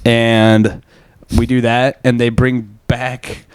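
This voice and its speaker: A man's voice: medium pitch, level tone, slow pace, clean tone, no room sound. A man co-hosting a comedy podcast, ranting bluntly and swearing freely in casual chat. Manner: profane, blunt, exasperated ranting. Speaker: podcast co-host.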